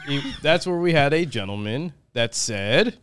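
A man's voice: fairly high pitch, animated, a little slow, background noise. A man on a podcast, telling a story in a playful way and laughing along. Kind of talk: casual podcast banter.

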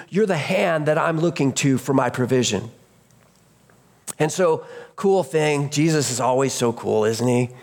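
A pastor delivering a sermon with a slightly high, gravelly voice. He retells the stories with energy, slipping into the voices of the characters and breaking into shouts at the high points. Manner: storytelling, acts out voices in the story; animated, shouts at peaks.

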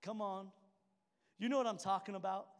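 High-voiced pastor in a reverberant hall. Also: male voice, steady tone, normal speed, smooth. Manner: conversational, storytelling preacher who acts out dialogue. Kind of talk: sermon.

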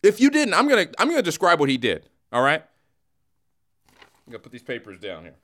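Male host, lively, mock-dramatic sports banter. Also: on the high side, a little fast. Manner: animated, teasing, mock-dramatic. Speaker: podcast host. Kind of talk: casual comedic sports chat.

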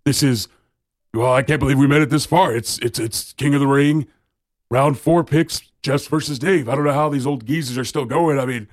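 A man putting on a drawling tough-guy wrestling announcer voice for a mock promo intro, slow and mocking. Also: medium pitch, dry recording, studio quality, natural voice.

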